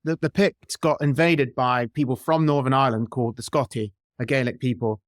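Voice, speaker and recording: A British man talking as a podcast guest in a lively, opinionated way, with many restarts. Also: medium pitch, brisk, dry recording, studio quality. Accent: British English. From Britain. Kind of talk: casual interview chat.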